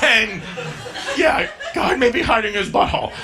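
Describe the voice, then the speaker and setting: High-voiced, laughing, tipsy male comedian. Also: expressive, normal speed. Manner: laughing, loud and boisterous, frequent swearing. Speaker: comedian telling a story. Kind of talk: comedic storytelling on a podcast. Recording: loud background noise.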